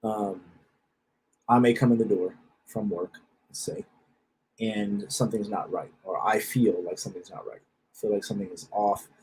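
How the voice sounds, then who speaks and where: A lowish, slightly mellow male voice with fairly even intonation moves at a moderate pace with long pauses, over slight background noise and poor audio. He's an adult self-help speaker with a wife and children, giving a blunt, profane motivational talk that often repeats phrases and restarts.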